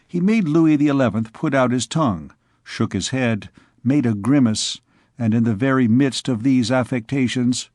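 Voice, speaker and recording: A male audiobook narrator reading a classic novel in a measured, even storytelling manner. His voice sits at an ordinary middle pitch and is recorded dry and close, with no room sound. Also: no room sound. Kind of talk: scripted narration.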